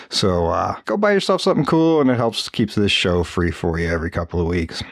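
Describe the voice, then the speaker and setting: A man's voice: low voice, dry recording, clean studio sound. A man hosting a podcast, giving an upbeat sign-off and a merchandise plug. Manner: upbeat, promotional. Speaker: podcast host.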